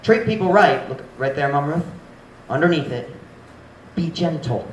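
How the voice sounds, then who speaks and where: A male pastor preaching with a high voice that leaps up and down across a wide range, now soft and now booming as he acts out harsh tones. His sermon mixes English and Cebuano. The sound carries the echo of a church room, with faint ambience behind him. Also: animated, normal speed, a little hiss or hum. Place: church sanctuary.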